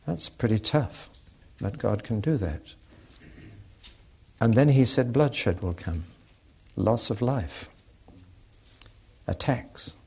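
A man's voice: mid-range voice, creaky, a bit bright, breathy edge. A man preaching a sermon, teaching earnestly and expressively from scripture.

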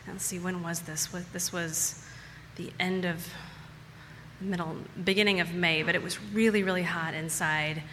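A woman's voice: on the low side, steady tone, normal speed, pushed and bright, long reverb tail, a little hiss or hum. A woman telling a personal story to a live audience in a casual, chatty way, repeating words for emphasis.

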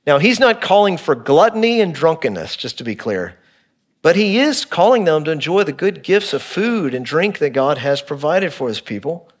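A middle-aged man preaching an expository sermon, earnest and shifting between emphatic and hushed delivery. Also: a little high, big pitch swings, moderate pace. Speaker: pastor.

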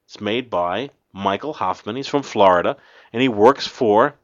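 A man's voice: fairly low pitch, normal speed, no echo, highs cut off. A man hosting a podcast, reading listener mail aloud in a casual, chatty way and laughing often. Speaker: podcast host.

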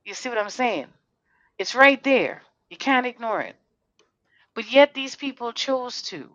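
A woman's voice: on the high side, lively intonation, measured pace, a bit bright, no room sound, dull audio. A woman hosting a casual podcast, talking in a heated, blunt and profane way, firing off rhetorical questions. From Connecticut. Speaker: podcast host.

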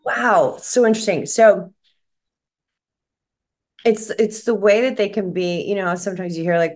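A woman's voice: medium pitch, measured pace, pauses often. A woman talking as a psychic medium in casual chat, rambling and restarting as she relays what she is shown.

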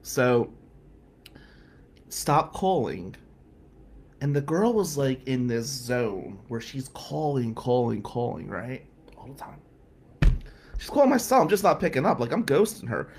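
A man telling a comic story in an animated, profane, incredulous way. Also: mid-range voice, moderate pace, a little hiss or hum. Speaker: stand-up comedian.

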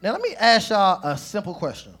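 Male preacher, sermon delivery, very animated pitch, slightly husky, speaks straight to the congregation. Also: fairly quick. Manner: lively, addresses the congregation directly.

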